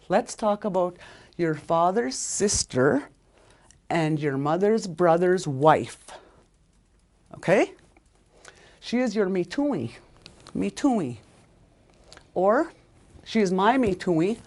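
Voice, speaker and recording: A woman's voice: fairly low pitch, a little mellow. A woman teaching a language lesson, repeating each word several times and correcting herself as she goes.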